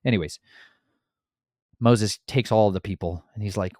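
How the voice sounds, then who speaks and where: Male Bible teacher, low voice, animated and slangy, dry recording. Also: moderate pace, no room sound. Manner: animated, slangy, exasperated storyteller. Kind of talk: casual Bible teaching podcast.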